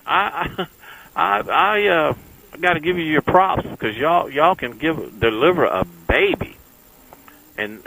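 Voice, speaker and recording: A man's voice: mid-range voice, creaky, fairly bright tone, rough recording. Guy chatting from his motorbike, calls everyone y'all, voice jumps up and down a lot, faint road noise. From Texas. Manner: folksy and chatty, addresses viewers as y'all. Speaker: motorcycle vlogger. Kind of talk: casual riding vlog chat. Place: on a motorcycle on a freeway, outdoors.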